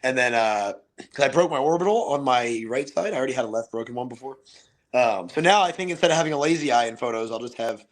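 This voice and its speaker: Fast-talking man telling his story. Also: medium pitch, lively intonation. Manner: rambling, many fillers like "you know what I mean". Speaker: retiring fighter, podcast guest. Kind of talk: casual interview storytelling.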